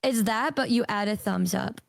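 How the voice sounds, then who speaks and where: A woman streamer chatting casually with a friend, animated and playful, with frequent swearing. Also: medium pitch, normal speed, vocal fry, no echo.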